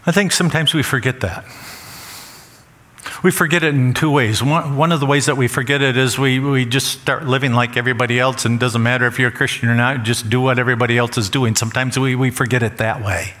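A man's voice: medium pitch, fairly even intonation, quick pace, a bit bright. A man preaching a sermon as pastor, emphatic and repeating phrases for stress. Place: church sanctuary. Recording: long church hall reverb.

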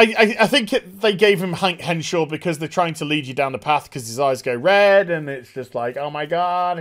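A man giving a casual, animated and profane TV episode review. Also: on the high side. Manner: animated, profane, quick impressions. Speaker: TV show reviewer.

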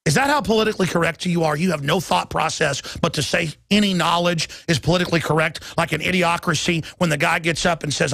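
A man hosting a political talk radio show, delivering a heated, emphatic monologue with sudden loud bursts. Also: a little high, fast talker, creaky, few pauses, no room sound, clean studio sound. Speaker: radio and web show host.

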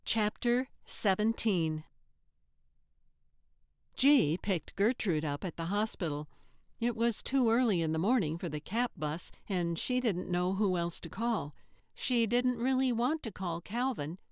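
A woman narrating a cozy mystery audiobook in a steady, even storytelling manner. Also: medium pitch, measured pace, smooth, dry recording, studio quality.

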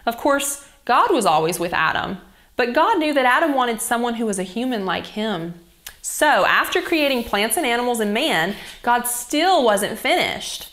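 A young woman reading a Bible story to children as a children's church teacher, in a gentle and expressive storytelling manner. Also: a little high, moderate pace.

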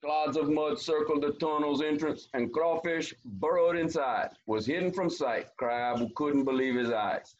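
A man reading a picture book aloud to children, breaking in with lively, chatty asides. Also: a little high, measured pace, hardly any pauses, lo-fi sound, slight background noise. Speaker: teacher reading a story to children. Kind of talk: storybook read-aloud with asides to kids.

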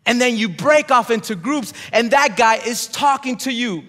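A high-pitched male pastor preaching with emphatic, rising intensity. He calls on the congregation to repeat words after him. His voice rings through a large church hall with a long reverb tail. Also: moderate pace, bright, forceful tone. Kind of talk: sermon.

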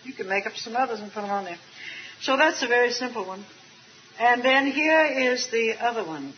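An older woman delivers a sermon in a high voice, earnest and emphatic, slowing down to lean on key words. The recording is a dull, muffled archival tape. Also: animated. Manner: earnest, slow emphatic stretches with light asides. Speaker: speaker at a Christian retreat.

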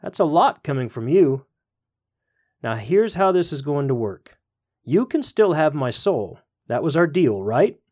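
A man's voice: on the high side, big pitch swings, unhurried, a little mellow. Man doing a smug, stingy trickster. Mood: sly. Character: stingy, sly male trickster blacksmith.

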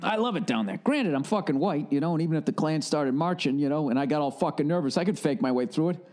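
A man's voice: fairly high pitch, expressive, quick pace, darkish tone. Profane ranting man with a Boston accent. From northern United States. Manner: ranting, profane, laughs often, acts out quoted voices. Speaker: podcast host. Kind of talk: casual comedic monologue. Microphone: studio podcast mic.

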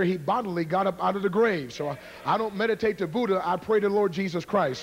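A joking, energetic evangelist with a fairly high male voice, teasing a church congregation before a karate demonstration. He is middle-aged and talks with quick humor and showmanship. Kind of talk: humorous sermon introduction to a live congregation. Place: church before a live audience.

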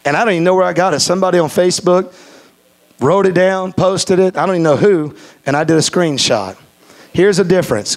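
A man with a notably high voice preaches a sermon from the pulpit. He drives his points home by repeating phrases. At times he slows into a careful, measured cadence. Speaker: pastor.

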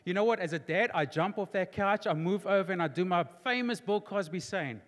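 A man, preaching a sermon as pastor in a large church auditorium, emphatic and repetitive, building to near-shouting. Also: high-pitched, brisk. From South Africa. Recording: long hall reverb in church auditorium.

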